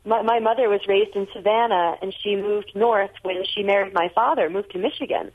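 A woman's voice: medium pitch, a little fast, slightly rough. An American woman in her forties, a guest author talking on a radio call-in show, chatty and prone to restarting her sentences. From United States. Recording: tinny phone line.

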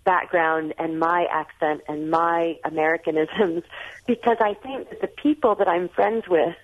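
A woman's voice: fairly low pitch, measured pace. An American woman in her forties, a guest author talking on a radio call-in show, chatty and prone to restarting her sentences. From United States. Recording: tinny phone line.

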